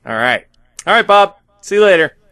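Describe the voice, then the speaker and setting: A man's voice: high voice, sing-song, normal speed, pushed and bright, dry recording. A man playing a character in a tabletop role-playing game, friendly and curious, asking questions. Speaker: player.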